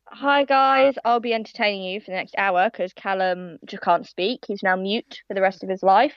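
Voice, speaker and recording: A woman's voice: mid-range voice, unhurried, no echo. A woman co-hosting a podcast from home, telling stories in a chatty, giggly way into her own microphone. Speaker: podcast co-host. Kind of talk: casual chat. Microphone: own desk microphone. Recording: dull lo-fi home mic.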